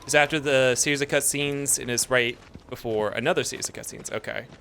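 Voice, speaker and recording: Male game streamer, casual commentary, chatty, easily distracted, bright voice. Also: mid-range voice, fairly even intonation, brisk, vocal fry, a little hiss or hum. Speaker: streamer playing a video game.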